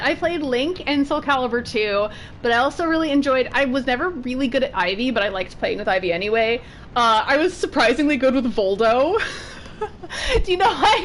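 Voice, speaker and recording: A young woman streaming a game, chatting casually and excitedly with frequent giggles. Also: high voice, slight background noise. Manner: bubbly, giggly, chatty with many "like"s. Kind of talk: casual chat while playing.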